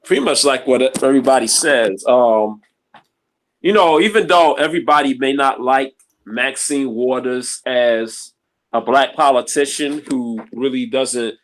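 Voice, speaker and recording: A man speaking as a guest in a casual online discussion, measured and thoughtful. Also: mid-range voice. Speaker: panel guest.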